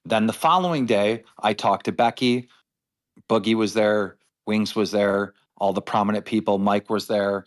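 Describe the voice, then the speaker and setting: A man's voice: fairly low pitch, fairly even intonation, normal speed. A man hosting a heated casual debate, explaining a timeline in rambling, profane bursts. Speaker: show host.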